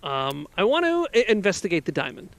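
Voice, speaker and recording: Higher-voiced man playing a tabletop game. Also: wildly swooping pitch, a little fast, fairly bright tone. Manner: hesitant, thinking aloud with restarts. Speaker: player. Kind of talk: casual play at a tabletop game.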